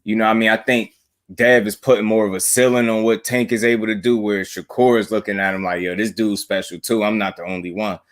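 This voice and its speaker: A man co-hosting a casual boxing chat, measured and analytical, often backing his partner with "mm-hmm". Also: on the low side, fairly bright tone. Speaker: podcast co-host.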